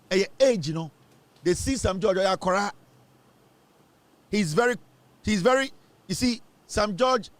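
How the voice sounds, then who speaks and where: A Ghanaian man hosting a political commentary show, ranting and mocking as he switches between English and Twi. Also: sits high.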